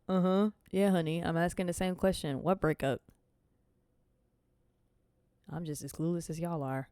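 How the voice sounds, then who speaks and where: A woman streamer reading a visual novel aloud and breaking off into animated, slangy, swearing reactions to her chat. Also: lowish voice, normal speed, pauses often, clear, resonant tone, dry recording, studio quality.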